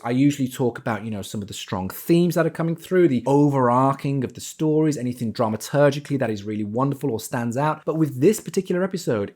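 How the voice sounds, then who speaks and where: A young man hosting a TV review video, talking in an animated, gushing way and laughing as he retells scenes. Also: mid-range voice. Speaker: TV review channel host. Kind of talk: enthusiastic solo video review.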